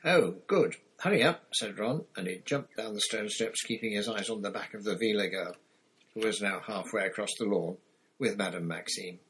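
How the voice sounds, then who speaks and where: A man narrating a storybook in a steady, measured way. His voice is low and husky. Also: low-quality recording. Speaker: audiobook reader. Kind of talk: scripted narration.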